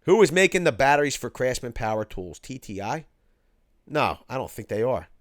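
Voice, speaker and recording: Philly-raised male host, casual and slangy, mid-pitched, dry close mic. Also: big pitch swings, normal speed, no echo. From Philadelphia, USA. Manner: laid-back, slangy, says "cuz" and "yo". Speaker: host reading live chat. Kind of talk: casual livestream chat.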